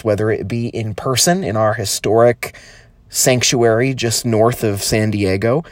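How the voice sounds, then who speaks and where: A man, a pastor, talks into his phone in a calm, conversational sermon rather than a pulpit voice. His voice is mid-pitched and sits dry and close, with no room sound around it. He speaks earnestly and warmly welcoming, leaning into slow, emphatic phrases. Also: no room sound. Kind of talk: informal recorded sermon. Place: at home, not in the sanctuary.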